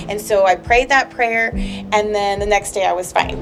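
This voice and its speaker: A woman's voice: medium pitch, moderate pace. A woman co-hosting a podcast, speaking candidly and heartfelt about her life, rambling with lots of fillers and close to tears at times. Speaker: podcast co-host. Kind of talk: candid personal chat. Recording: music playing clearly behind.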